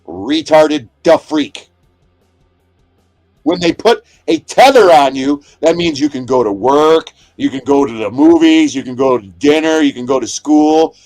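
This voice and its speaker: A man livestreaming from inside a motorhome, ranting at his chat in a profane, aggressive way and shouting at chatters. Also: a little high, no room sound. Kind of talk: angry livestream rant.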